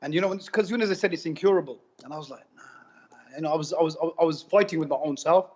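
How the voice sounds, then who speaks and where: A man giving a testimonial interview, telling his story in an animated, casual way full of slang and repetition. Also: a little high, rapid-fire. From United Kingdom. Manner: animated, repeats himself, slangy with "bro" and "man". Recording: dull lo-fi sound.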